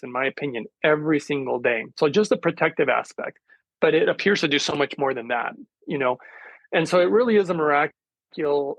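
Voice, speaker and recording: Husky-voiced man, earnest and rambling. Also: fairly high pitch, no echo, muffled recording. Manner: earnest, rambling storyteller with many fillers. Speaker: guest, hydrogen therapy specialist. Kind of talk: casual interview chat.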